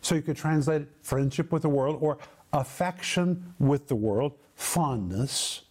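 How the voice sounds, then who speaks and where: Male Bible teacher, sermon delivery, fairly high pitch, emphatic with deliberate repetition. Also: a little mellow, breathy edge. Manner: emphatic, drawn-out phrasing, repeats key words.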